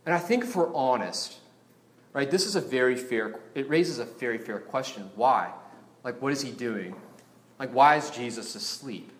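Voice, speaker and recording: A pastor preaches a sermon in a chatty, conversational way, often putting rhetorical questions to his listeners. His mid-range voice is animated and moves at a normal speed, and the room sounds echoey.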